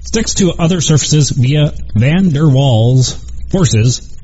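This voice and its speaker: A male radio co-host reads a headline segment in a dark, husky voice at a steady pace. The recording sounds slightly dull and lo-fi. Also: on the high side, slow pace. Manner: reads steadily, small stumbles. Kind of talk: read-out news segment.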